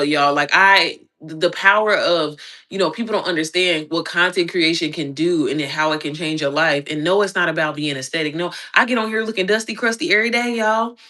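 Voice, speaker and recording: Bright-voiced, fired-up woman from Indianapolis. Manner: blunt, profane, fired-up and preachy; slides into high squeaky voices when mimicking others. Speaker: online business coach. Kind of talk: casual livestream rant.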